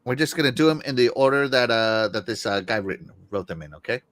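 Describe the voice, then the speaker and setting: Male gaming podcast host, excitable and jokey, bouncy delivery, dry close sound. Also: mid-range voice, fast talker, no room sound. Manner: excitable, jokey, trails off quietly. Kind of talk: casual gaming talk show.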